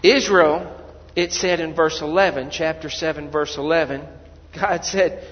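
A man preaching a sermon as pastor, swinging from quiet, low asides to loud, pleading cries. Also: normal speed, in a large hall, lo-fi sound. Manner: preaching with sudden loud cries when voicing people praying.

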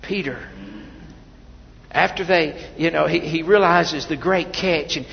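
In this sermon, a fairly high-voiced male pastor talks to his congregation like a neighbor, circling around and starting sentences over mid-story. His gravelly voice moves at a measured pace and rings with a long echo through the sanctuary. A faint hum sits under the dull, muffled recording.

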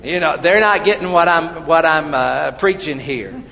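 A fairly high-voiced man preaching to his congregation in a folksy, conversational way, circling back and restarting his sentences as he tells stories. His voice carries a long echo through the church sanctuary. The recording is dull and muffled, with a faint hum underneath. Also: a little slow, gravelly. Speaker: pastor. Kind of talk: sermon.

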